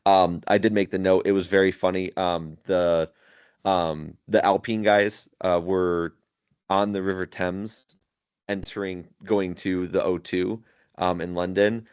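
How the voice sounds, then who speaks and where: In a muffled recording, a man with a deep, a little mellow, clean-toned voice co-hosts a casual podcast, speaking unhurriedly with fairly even intonation. He laughs a lot retelling funny moments and rambles, with plenty of fillers and restarts.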